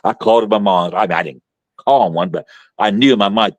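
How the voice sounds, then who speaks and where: A middle-aged man, a guest author, telling a story in casual conversation, animated and colloquial with frequent restarts. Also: lowish voice, fairly quick, no room sound.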